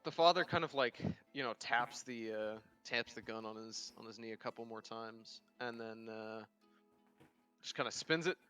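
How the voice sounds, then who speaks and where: A man playing in an online tabletop game, chatting casually and swearing when excited. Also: mid-range voice, moderate pace, smooth, soft background music. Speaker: player. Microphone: voice chat microphone.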